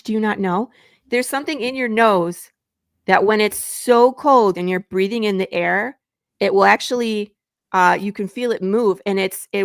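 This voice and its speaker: A woman from Michigan hosting a casual talk show, chatty and quick to jump between topics. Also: mid-range voice, no room sound, studio quality. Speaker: podcast host. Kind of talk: casual chat.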